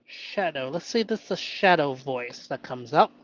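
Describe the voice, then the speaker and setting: A man talking alone about his inner state, halting and self-questioning, who sometimes argues playfully with a mock inner voice. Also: on the high side, lively intonation, highs cut off. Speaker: vlogger reflecting on improv. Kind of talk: solo reflective monologue.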